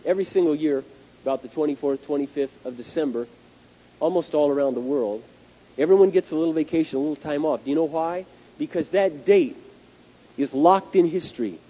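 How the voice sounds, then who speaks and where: A man preaching a sermon as pastor, telling a story in an animated, emphatic way, on a dull lo-fi recording. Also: on the high side.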